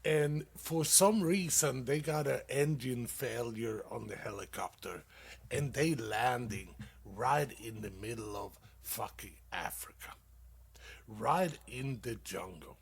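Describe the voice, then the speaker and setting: Medium in pitch, gravelly, and slightly rough, this man's voice carries his comedy-show hosting. His stand-up dad jokes are halting, casual, and profane, stuffed with fillers, and he laughs loudly at his own punchlines.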